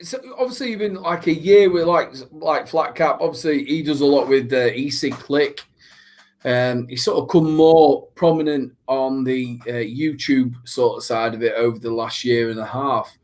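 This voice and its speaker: A middle-aged man with a Doncaster accent, chatting as a guest on a live stream. He is friendly and talkative, drifting into memories as he goes, his voice sitting at an ordinary middle pitch. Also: normal speed, darkish tone. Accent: South Yorkshire, Doncaster. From Doncaster, England. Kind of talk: casual chat.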